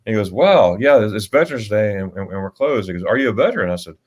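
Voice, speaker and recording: A man with a fairly low voice hosts a relaxed livestream chat. He rambles through stories, stopping and restarting with plenty of fillers. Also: racing. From United States. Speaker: livestream host.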